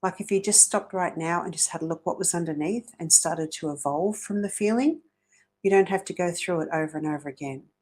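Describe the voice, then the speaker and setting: A woman's voice: fairly low pitch, a little fast, a little mellow. A woman hosting a motivational self-help talk, earnest and coaching, often asking rhetorical questions.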